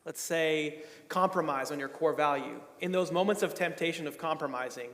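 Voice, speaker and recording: A man's voice: on the high side, normal speed, fairly bright tone. A man moderating a conference panel, summarizing answers with playful asides. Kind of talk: panel discussion. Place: conference stage. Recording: echoey hall.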